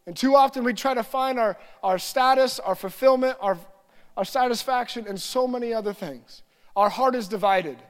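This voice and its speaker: A man preaching a sermon as pastor, earnest and repetitive, building lists of phrases and slipping into quiet prayerful reading. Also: very high-pitched, moderate pace, in a large hall.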